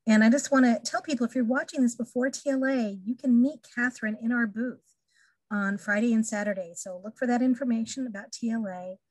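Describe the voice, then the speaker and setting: A woman's voice: on the high side, a little fast, no room sound. A woman hosting an interview on a video call, enthusiastic and gushing about the guest. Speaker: interview host. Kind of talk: casual interview.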